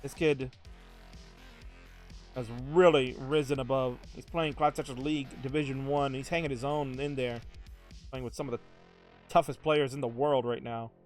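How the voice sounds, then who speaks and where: A man hosting and commentating a live game stream, jokey and hyped, jumping to shouts at big moments. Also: mid-range voice, steady tone, moderate pace, long pauses, faint music behind. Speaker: host and commentator. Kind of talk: excited live play-by-play commentary.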